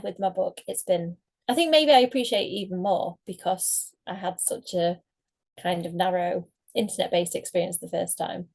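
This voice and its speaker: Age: adult. Sex: woman. Role: author guest on an interview. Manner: chatty, rambling, laughs a lot, middle-pitched voice. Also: a little mellow. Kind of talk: casual interview chat.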